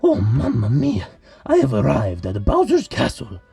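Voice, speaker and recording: A man voicing a cheerful, excitable male plumber hero in a very high, squeaky Italian-style voice for a plush video. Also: moderate pace, creaky, breathy edge, faint music behind, heavily acted. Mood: cheery.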